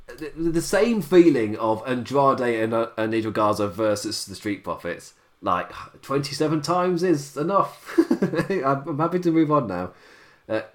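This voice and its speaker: A tired man reviewing wrestling in a rambling, casual livestream chat, laughing often at his own remarks. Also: medium pitch. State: tired late-night voice.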